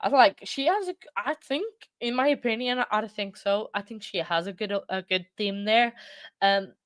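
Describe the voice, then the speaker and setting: A sleepy, yawning livestream host keeps up a chatty, meandering stream of talk full of restarts and self-interruptions. Her medium-pitched voice moves at a moderate pace and has a slightly bright, clear, resonant tone in a dry, clean studio recording.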